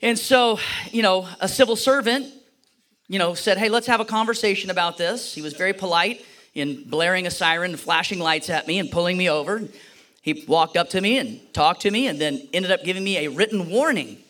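A man's voice: high-pitched, brisk, pushed and bright. A man preaching a sermon, telling a personal story and acting out the voices in it with a playful manner. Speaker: pastor.

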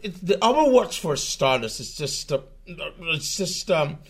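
A man's voice: fairly high pitch, big pitch swings, measured pace, vocal fry, slightly rough. Profane rambling male streamer. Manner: profane, rambling, stumbling restarts. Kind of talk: casual ranting stream talk.

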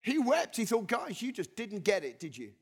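Man, middle-aged, pastor, sermon, high-pitched voice, chuckling asides, call-and-response. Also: normal speed, husky. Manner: animated, leads the congregation in repeated call-and-response; chuckles between points, conversational asides.

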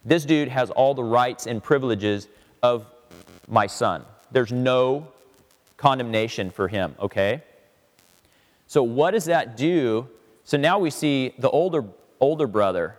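A man preaching a sermon in a relaxed, conversational way, slipping quickly into short voiced asides. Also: medium pitch, in a large hall. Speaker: pastor.

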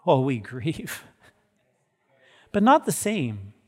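A man preaching a sermon as pastor. He moves from soft, quiet passages to loud, emphatic peaks. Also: medium pitch, huge pitch swings, slow. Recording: long reverb of a large hall.

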